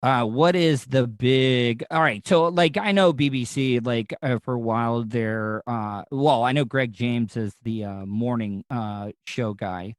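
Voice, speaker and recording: A man's voice: mid-range voice, a little slow, few pauses, no room sound. Man, chatty podcast host, eager, restless, fillers everywhere, bone-dry sound. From Southern United States. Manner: excitable, rambling with many fillers and restarts. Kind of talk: casual interview chat.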